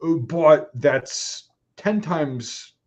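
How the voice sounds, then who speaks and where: A man's voice: a little high, expressive, extremely slow. A man in casual chat who agrees readily and chimes in with short affirmations. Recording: slightly dull lo-fi sound.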